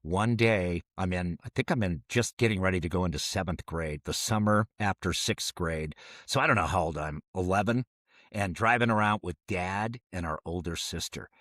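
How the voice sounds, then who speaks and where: A man's voice: low voice, normal speed, a bit bright, dry recording, studio quality. A middle-aged man co-hosting a podcast, telling a story casually and acting out the quoted voices. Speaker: podcast co-host.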